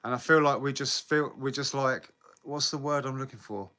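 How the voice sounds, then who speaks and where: Speaking at a moderate pace in a sharp, mid-range voice, a young man from Britain chats casually on a live stream. He rambles, curses frequently, responds to viewer comments, and laughs between lines.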